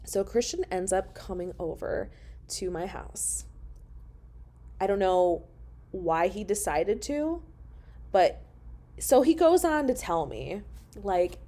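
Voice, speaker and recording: A woman's voice: medium pitch, expressive, slow pace, pauses often, dark tone. A woman telling a personal story to her viewers in a casual, emotional way, swearing freely and talking straight to them. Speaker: storyteller vlogger.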